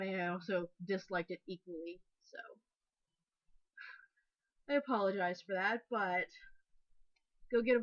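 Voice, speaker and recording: A woman's voice: medium pitch, dry recording. A young woman giving a casual, rambling spoken review, full of "like" fillers and frustrated ranting. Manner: chatty, frequent "like" fillers, ranting. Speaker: anime reviewer. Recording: dull lo-fi webcam audio, dry.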